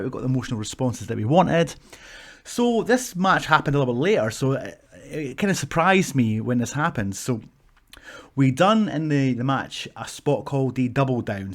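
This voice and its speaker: A Scottish man, a pro wrestler in his thirties, casually telling stories to camera, animated and swearing freely. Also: mid-range voice. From Scotland. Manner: animated, swears freely, acts out shouts from the ring.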